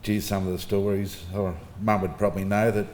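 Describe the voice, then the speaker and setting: Middle-aged Aussie man, lowish voice, easygoing anecdotal eulogy, roomy hall with faint background hum. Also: level tone, fairly quick, darkish tone. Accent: Australian. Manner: casual storytelling, chuckling between anecdotes. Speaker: son giving a eulogy. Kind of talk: informal funeral eulogy. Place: funeral service hall. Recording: echoey hall with faint ambience.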